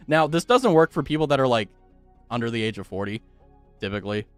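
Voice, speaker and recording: A man's voice: medium pitch, lively intonation, fast, clear, resonant tone, faint music behind. A male streamer chatting casually with viewers, swearing freely and laughing often.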